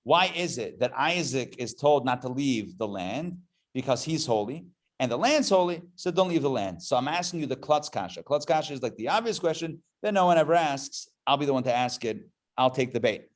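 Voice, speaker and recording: A man, a rabbi, teaching a live adult class in a playful, animated way, full of jokes and rhetorical questions. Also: medium pitch, brisk. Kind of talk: live adult education lecture.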